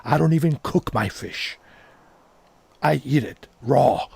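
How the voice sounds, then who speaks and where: A man doing an impression of a boastful, gruff middle-aged former wrestler turned governor, taunting and challenging. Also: medium pitch, slow, darkish tone, dry recording, heavily acted.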